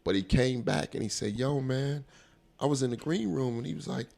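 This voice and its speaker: A man, a stand-up comedian guest telling animated stories in a casual interview, often acting out the people he quotes. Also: medium pitch, brisk, vocal fry. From Colorado. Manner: animated storyteller, acts out quoted voices, laughs often.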